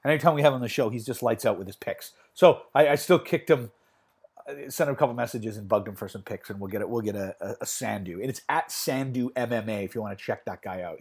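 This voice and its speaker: A man hosts a casual sports-betting chat show. He rambles, restarts his sentences and leans on fillers, in a voice of ordinary middle pitch. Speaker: podcast host.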